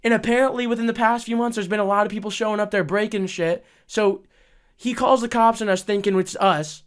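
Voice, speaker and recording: A young man co-hosting a podcast, telling a story in casual chat, profane and excitable, laughing often. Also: high voice, fairly quick, smooth. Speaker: podcast co-host.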